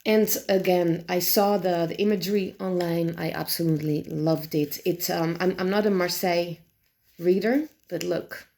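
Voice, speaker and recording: A woman with a lowish voice and a gravelly, fry-laced edge chats casually about tarot decks. She sounds animated and exasperated, swears freely, and stumbles through many fillers and restarts. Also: normal speed. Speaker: tarot deck reviewer. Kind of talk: casual chat.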